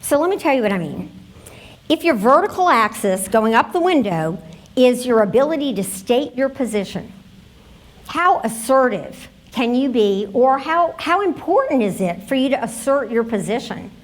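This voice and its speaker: Presenting a workshop at a conference, this woman chats with the audience and addresses them directly through stories. Her voice sits fairly high and is very animated, at a normal speed.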